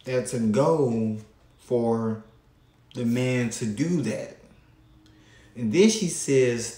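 A man commenting on a post at a deliberately slow, unhurried pace, stretching his words and stopping often between phrases. His voice sits at an ordinary pitch for a man. The sound bounces around a roomy, echoey space. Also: warm tone. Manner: slow, drawn-out, pausing often. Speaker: channel host. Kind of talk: reaction commentary.

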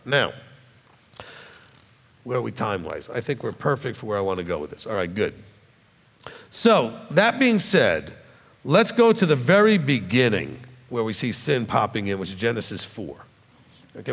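A man who is a rabbi, teaching a sermon in a conversational way that builds to forceful, emphatic points. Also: mid-range voice, gravelly. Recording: long hall reverb.

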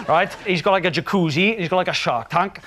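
A man's voice: high-pitched, brisk, a bit bright. A man playing a cocky young Welsh man who rambles, full of fillers, about wanting to be a newsreader. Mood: rambling. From Wales. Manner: rambling, filler-heavy boasting storytelling. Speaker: comedy character, aspiring newsreader. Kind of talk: sketch comedy performance.

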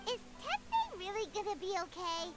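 A woman voicing a tiny, excitable floating girl companion in a game, chirpy and talking about herself by name. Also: very high voice, moderate pace, over music, heavily acted. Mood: worried. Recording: loud hiss over game audio.

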